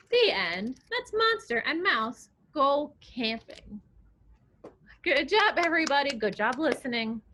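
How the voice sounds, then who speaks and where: A woman librarian reading picture books aloud to young children, expressive and coaxing, asking them questions. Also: high voice. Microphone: video recording.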